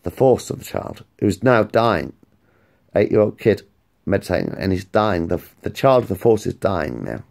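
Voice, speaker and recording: A man with a gravelly voice tells a made-up story, rambling and excitable. His pitch swings widely as he gets caught up in it, and he swears freely. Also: normal speed. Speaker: vlogger. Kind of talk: casual storytelling.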